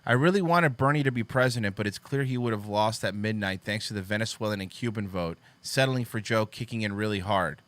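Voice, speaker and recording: A man's voice: fairly low pitch, fairly quick, hardly any pauses, fairly bright tone. A man hosting a political commentary show, reading posts aloud and mocking them with sarcastic, profane asides. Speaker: host.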